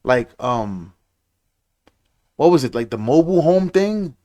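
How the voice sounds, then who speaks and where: A man delivers a heated, preachy rant straight to camera. He stumbles and repeats himself as his frustration builds. His voice sits slightly high. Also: big pitch swings, unhurried, warm tone. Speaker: commentator.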